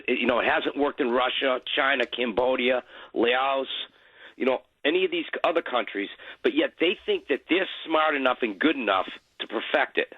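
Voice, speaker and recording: A man calling in to a talk radio show, talking excitedly and indignantly. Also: mid-range voice, slightly rough, dry recording. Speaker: caller. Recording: tinny phone line.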